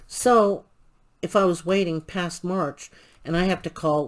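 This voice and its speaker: Low-voiced woman ranting while crafting. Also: measured pace. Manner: animated, indignant retelling of a complaint. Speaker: crafting channel host. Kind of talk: casual storytelling while crafting.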